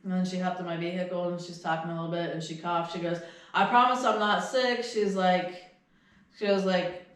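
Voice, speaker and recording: A woman's voice: on the low side, level tone, a little fast, darkish tone. A woman co-hosting a podcast, telling rambling, profane stories in casual chat. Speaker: podcast co-host. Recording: very echoey room.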